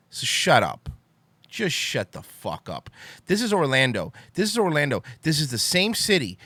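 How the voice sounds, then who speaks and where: A man's voice: mid-range voice, bright, forceful tone, no echo. A man hosting a talk show, ranting angrily with heavy swearing and then apologizing. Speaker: podcast host.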